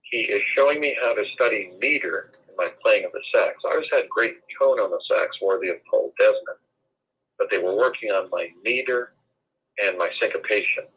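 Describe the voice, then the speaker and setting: A man's voice: fairly low pitch, a little fast, breathy edge, lo-fi sound. A man in his sixties telling a long, rambling story as an interview guest.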